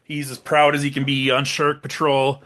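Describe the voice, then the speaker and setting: Bright, animated male podcast host. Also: medium pitch. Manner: animated retelling, slips into quick silly voices. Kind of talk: casual movie chat.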